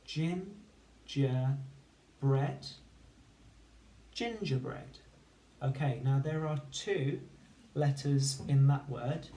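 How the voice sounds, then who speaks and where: A man teaching children phonics, slowly sounding out letters and syllables one at a time in a clear, patient way. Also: medium pitch, mellow. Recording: echoey room with faint ambience.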